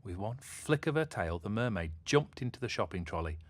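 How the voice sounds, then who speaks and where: A man narrating a children's story in an expressive, animated way. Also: lowish voice, fairly quick, no echo.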